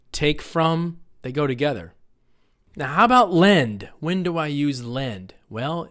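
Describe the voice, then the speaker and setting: American guy teaching esl grammar, slightly high voice, patient and repetitive. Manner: patient, repeats phrases for students to echo. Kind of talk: classroom grammar lesson.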